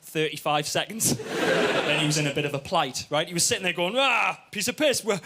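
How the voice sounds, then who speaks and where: Young geordie guy doing stand-up, high pitched, bright punchy voice, tells it fast and loose. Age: young adult. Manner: lively storytelling, frequent "right?" asides. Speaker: stand-up comedian. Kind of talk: stand-up comedy set.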